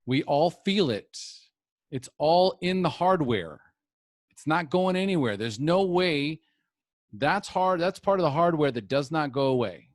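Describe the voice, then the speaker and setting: Slow, earnest man on a podcast. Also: fairly high pitch, animated, no room sound. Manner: earnest, reflective, speaks in mini-lectures. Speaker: podcast host. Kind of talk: recovery podcast conversation.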